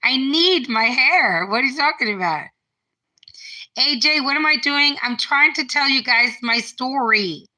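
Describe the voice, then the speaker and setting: Broadcasting a casual live stream from home, a middle-aged woman rambles, reads her viewers' comments aloud, and keeps restarting. Her high, animated voice sounds pushed and bright at a measured pace. The phone recording is low quality.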